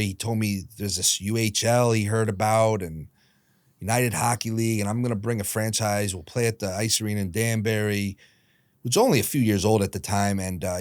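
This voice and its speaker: A man in his late thirties, a guest on a podcast, telling a personal story in a lively way and acting out the voices of the people in it. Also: on the low side, no room sound, clean studio sound. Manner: lively retelling, acting out quoted voices, quick asides. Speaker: guest, hockey team founder.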